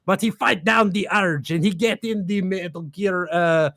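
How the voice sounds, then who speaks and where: A man's voice: high-pitched, normal speed, fairly bright tone, no echo, clean studio sound. A man casually recapping a game plot on a stream, rambling in broken grammar with lots of fillers and laughs.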